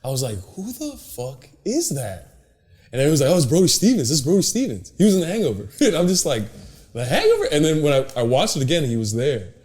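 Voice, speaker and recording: Animated young man telling stories. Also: fairly high pitch, racing, few pauses. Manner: animated storyteller, swears often, acts out quotes. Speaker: podcast host. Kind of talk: casual chat.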